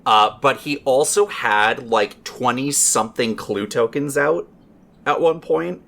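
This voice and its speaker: A man chats on a podcast, his voice bright and forceful. He rambles through a story with plenty of "um"s and casual swearing. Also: medium pitch, unhurried, creaky. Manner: profane, rambling, full of fillers. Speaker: podcast panelist.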